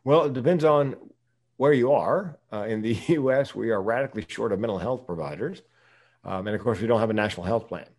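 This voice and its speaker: A man's voice: lowish voice, a little fast, darkish tone. A man from the United States, a podcast guest, talking candidly in casual conversation and laughing often while telling stories.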